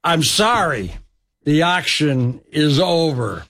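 A man voicing a persistent male auctioneer at an estate sale in a spoken sermon story, calling out bids with insistent, drawn-out calls. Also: fairly high pitch, big pitch swings, a bit bright, full character voice. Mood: solemn.

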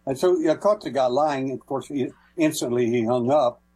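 A man's voice: medium pitch, moderate pace, a little mellow, breathy edge, low-quality recording. A man guesting on a call-in radio show, telling folksy anecdotes with many hesitations and small laughs. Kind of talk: casual call-in radio storytelling.

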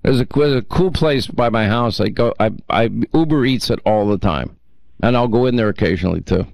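A man's voice: mid-range voice, brisk, gravelly, a little mellow, dry recording. A man hosting a call-in radio talk show, chatting and reminiscing with callers. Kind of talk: casual call-in chat.

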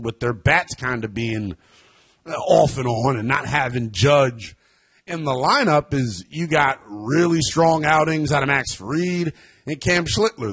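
A sports talk radio host speaks in an animated, emphatic way that sometimes gets loud. His voice is husky and on the high side.

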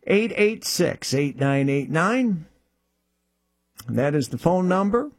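Slow, steady male radio call-in host. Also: on the high side, no echo, clean studio sound. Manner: reads listings plainly and repeats phone numbers slowly. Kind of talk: radio buy-and-sell call-in show.

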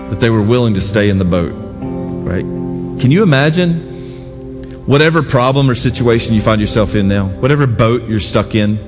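A man preaching a sermon with animated, emphatic delivery and repeated exhortations. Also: mid-range voice. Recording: long hall reverb with faint music.

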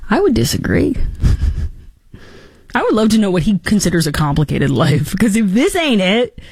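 A woman hosting a political commentary show, talking in a sarcastic, mocking and animated way. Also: mid-range voice, moderate pace, husky, dry recording, studio quality.

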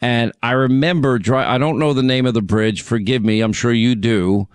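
A middle-aged male radio host with a smooth, resonant voice, recorded dry and close. He chats casually with callers, drifting into memories and teasing them. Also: medium pitch, steady tone, normal speed, no echo. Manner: chatty, reminiscing, teasing callers. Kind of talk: casual call-in chat.

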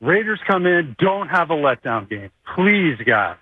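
A man's voice: a little high, big pitch swings, unhurried, slightly rough, dry recording. A man calling in to a sports radio show, talking like an eager, apologetic fan. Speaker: caller. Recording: tinny dry phone line.

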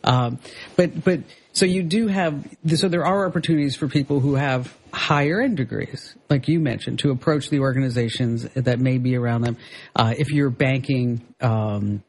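A man's voice: medium pitch, normal speed, a little mellow, slightly rough. A man hosting a radio show, chatting casually and loosely, with plenty of filler words and restarts, on a studio microphone.

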